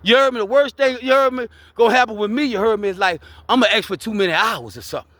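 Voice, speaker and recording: A man's voice: high voice, quick pace, a bit bright, dry recording. A man with a Louisiana accent talking casually and preachily about hard lessons and faith, often asking "you heard me?". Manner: preachy street talk, keeps repeating "you heard me?". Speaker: vlogger sharing his life story. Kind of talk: casual motivational talk.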